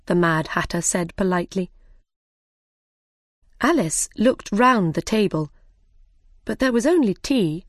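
A woman reading a children's storybook aloud, slow, clear and measured. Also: fairly low pitch, no echo, studio quality. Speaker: reader.

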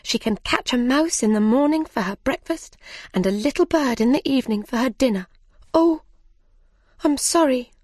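A woman reading aloud, voicing a fretful young girl in a storybook with a high, excited tone. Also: slow pace, no echo. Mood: eager.

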